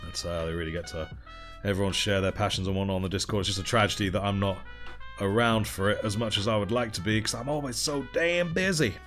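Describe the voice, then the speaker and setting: A man's voice: sits low, little pitch movement, quick pace, a bit bright, soft background music. A man hosting a casual livestream, chatting and thanking viewers while he paints miniatures. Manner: chatty, reads out and thanks chat while painting, laughs often. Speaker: livestream host.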